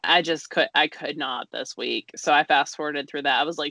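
A woman's voice: sits low, steady tone, moderate pace, hardly any pauses, fairly bright tone, dry recording. A woman co-hosting a craft podcast, chatting casually with lots of laughs and fillers. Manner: giggly, rambling with many fillers. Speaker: podcast co-host. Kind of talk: casual chat.

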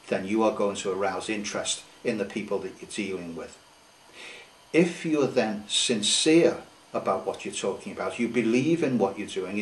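A man's voice: medium pitch, a little hiss or hum. A middle-aged man giving an unscripted sales tutorial, emphatic and repeating key words for effect. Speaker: sales trainer. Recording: echoey room, distant mic.

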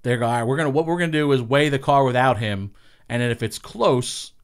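A man's voice: mid-range voice, fast talker, smooth. A middle-aged man from Long Island, a racing spotter, telling profane stories and acting out what people said. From Long Island, New York. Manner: profane, animated storyteller acting out quotes. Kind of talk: casual storytelling.

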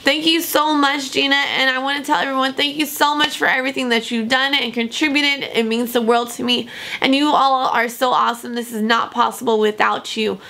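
Bright, effusive woman. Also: sits high, fairly even intonation, a little fast. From Long Beach, California. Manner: effusive and grateful, near tears. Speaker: coupon vlogger. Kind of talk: casual vlog, reading fan mail.

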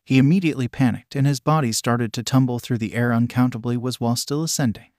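A man narrating a fan fiction story at a mid pitch, in an even read-through that takes each line literally. The recording is close and dry, with no room around it. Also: fast talker, no room sound.

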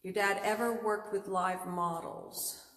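A woman's voice: medium pitch, steady tone, a little slow, fairly bright tone, roomy sound, long reverb tail. A woman moderating a live Q&A, reading viewers' questions and greeting them by name. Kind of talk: live stream Q&A.

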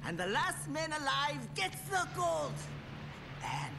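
Ruthless pirate boss, sneering, lively swings in pitch, slow delivery, game music behind. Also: male voice, gravelly, full character voice. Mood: menacing. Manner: sneering, taunting. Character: ruthless male pirate boss, greedy, mocking. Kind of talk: video game voice acting.

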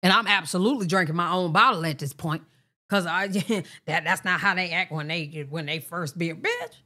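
A woman reacting to a story with loud, playful, joking asides. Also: on the low side, normal speed. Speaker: reaction host.

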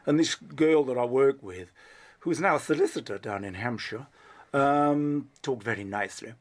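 A man's voice: medium pitch, moderate pace. A middle-aged man with a Black Country accent, a comedian chatting as a radio guest, telling rambling, self-deprecating stories full of restarts. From Black Country, England. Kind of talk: casual interview chat.

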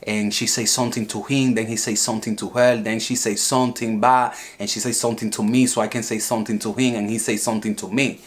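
An actor playing an angry, boastful heckler who speaks broken English and rambles, bursting into shouts. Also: male voice, lowish voice, little pitch movement, fast talker, few pauses, lightly acted. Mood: indignant. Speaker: heckler filing a lawsuit.

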